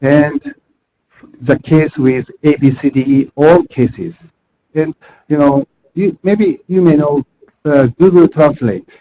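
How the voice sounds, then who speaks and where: A man with a Japanese accent, a native Japanese speaker, giving a technical conference presentation in a halting way with many fillers and restarts. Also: fairly high pitch. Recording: dull lo-fi conference audio.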